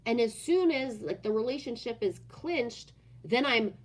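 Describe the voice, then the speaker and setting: A woman's voice: fairly high pitch, lively intonation, a little slow, hardly any pauses. A woman hosting a casual livestream, reading viewer comments aloud and ranting animatedly with constant swearing. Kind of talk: casual unscripted livestream chat.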